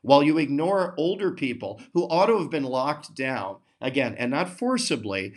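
A man's voice: fairly high pitch, sing-song, normal speed. An American man hosting a podcast, delivering an emphatic, sarcastic opinion monologue with open indignation. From United States. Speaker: podcast host.

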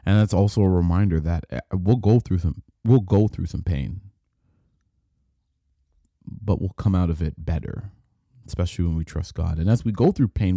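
A man's voice: deep voice, warm tone, dry recording, clean studio sound. A man hosting a solo podcast, talking in a loose, rambling way that keeps restarting and repeating words. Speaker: podcast host. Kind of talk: casual solo podcast talk.

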